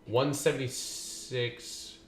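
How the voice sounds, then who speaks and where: A man hosts a stock trading livestream, loosely chatting with viewers, joking and cursing as he goes over charts in casual market commentary. His mid-range voice is level and slow, heard in an echoey room with faint ambient noise.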